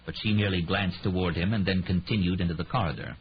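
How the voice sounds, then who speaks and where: A man narrating an audiobook in an expressive reading, voicing every character, on a slightly muffled recording with faint hiss. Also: sits low, fast.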